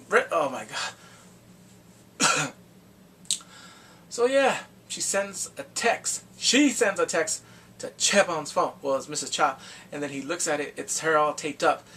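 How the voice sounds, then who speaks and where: A man recapping a TV drama in casual talk, acting out the characters' lines in quick animated bursts. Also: a little high, far from the mic, a little hiss or hum. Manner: animated, acts out quotes from the show in quick bursts. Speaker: drama reviewer.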